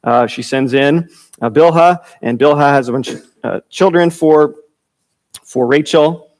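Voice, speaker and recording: A man's voice: fairly high pitch, measured pace, a little mellow. A man preaching a conversational Bible teaching, informal, with fillers, restarts and chuckles.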